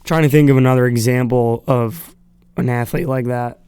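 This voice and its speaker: Smooth-voiced man rambling casually. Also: medium pitch, steady tone, normal speed, mellow. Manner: rambling, filler-heavy, chuckling asides; irreverent, swears freely. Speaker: podcast host. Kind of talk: casual solo monologue.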